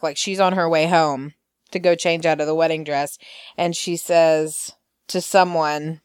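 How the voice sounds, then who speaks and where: A woman with a fairly low, smooth voice hosts a podcast in a dry, studio-quality recording. She recaps soap opera scenes in a chatty, casual way, full of fillers and quoted lines.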